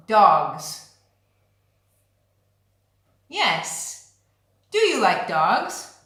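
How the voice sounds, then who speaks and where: A woman teaching English at a very slow, deliberate pace, patiently drilling short phrases for learners to repeat. Her voice sits at an ordinary pitch, and the recording has a heavy, boomy room echo. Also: lively intonation, fairly bright tone. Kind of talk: slow, clear language lesson. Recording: very echoey room.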